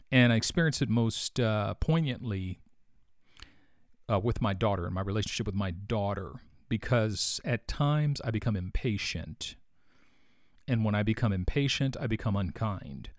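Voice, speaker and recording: A man in his forties giving an earnest, thoughtful devotional reflection, unhurried and personal. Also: lowish voice, no room sound, studio quality.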